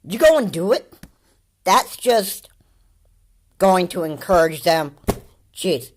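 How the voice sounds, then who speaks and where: Slow, low-voiced woman commentator. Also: expressive, a little mellow. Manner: rambling, repeats points, many fillers. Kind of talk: casual commentary over video clips.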